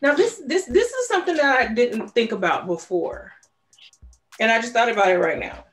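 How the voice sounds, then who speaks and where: A woman co-hosting a casual true-crime podcast, retelling a case in an animated storytelling way. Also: fairly high pitch, moderate pace. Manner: storytelling, animated recounting with quoted voices. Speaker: podcast co-host.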